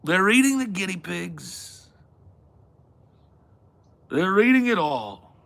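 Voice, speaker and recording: A man's voice: high voice, very animated, takes it slowly, gravelly, a bit bright, voice pushed up, full character voice. A man doing an impression of an older male politician, ranting in emphatic, repeated lists. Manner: repetitive, emphatic listing.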